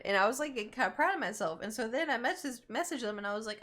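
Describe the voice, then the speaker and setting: A woman's voice: on the high side, expressive, quick pace, fairly bright tone. Chatty woman streamer with a slight Southern accent. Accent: slight Southern American. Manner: chatty, self-conscious about her pronunciation. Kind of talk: casual gaming stream chat.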